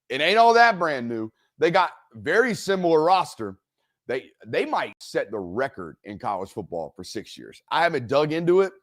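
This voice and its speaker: Animated man ranting about football. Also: on the high side. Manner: emphatic, repetitive, swears freely. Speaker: college football show host. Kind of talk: solo sports talk commentary.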